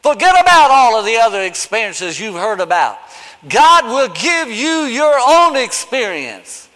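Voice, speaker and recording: A man preaching a sermon, impassioned, swinging between shouts and hushed pleading. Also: very high-pitched, sing-song, unhurried. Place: church sanctuary. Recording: long hall reverb.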